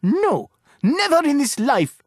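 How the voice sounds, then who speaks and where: A man putting on a shouting stubborn village woman. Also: high-pitched, wildly swooping pitch, extremely slow, dry recording, clean studio sound, pitched above the performer's own voice, heavily acted. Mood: defiant. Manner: loud, defiant shouting. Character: bold, stubborn village woman, house owner.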